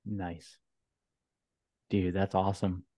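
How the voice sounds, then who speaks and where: Male podcast host, casual and upbeat with slang, low voice, dry sound. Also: flat delivery, takes it slowly, dark tone, no room sound. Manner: upbeat, slangy, hypes up the guest. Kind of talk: casual interview chat.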